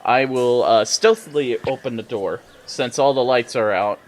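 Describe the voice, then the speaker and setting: A man's voice: mid-range voice, normal speed, a little hiss or hum. A man playing a tabletop game, eagerly describing what his character does. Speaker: player.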